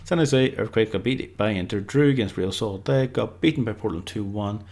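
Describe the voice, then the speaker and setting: Speaking at a moderate pace in a fairly low, somewhat mellow voice, an Irish man loosely rambles through unscripted football picks, leaning on lots of fillers.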